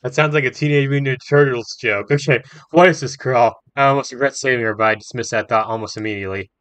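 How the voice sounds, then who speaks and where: A young man reading a visual novel aloud with animated, swearing reactions as a gaming host. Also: mid-range voice, very fast, clean tone, dry recording, poor audio.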